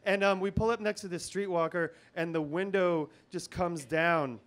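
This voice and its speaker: A man's voice: high-pitched, normal speed. A man telling a rambling comic story on stage at a live show, nervous and full of restarts and fillers. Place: live comedy venue.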